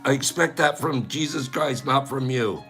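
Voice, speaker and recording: A man's voice: medium pitch, moderate pace, soft background music. A man hosting a casual live stream, playfully teasing the viewers in the chat and laughing often. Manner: breaks into loud bird calls. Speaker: livestream host.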